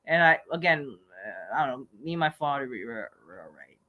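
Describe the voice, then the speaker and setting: Hosting a live stream, a man fields viewer questions in a rambling, profane and animated rant punctuated by sudden loud outbursts. His voice is mid-range, and he talks a little fast.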